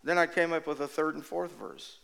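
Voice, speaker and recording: A man's voice: a little high, fairly quick, creaky, fairly bright tone, rough recording. A man preaching in a church, telling a folksy story with chatty asides between sung passages. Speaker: preacher and worship singer.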